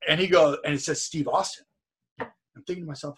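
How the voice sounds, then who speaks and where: A man with a husky, grainy voice that sits a bit high for a man tells a rambling story over a video call. He talks with energy and swears freely, and he stumbles over repeated words. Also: brisk, fairly bright tone. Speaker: guest, streamer and wrestler. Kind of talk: casual storytelling chat.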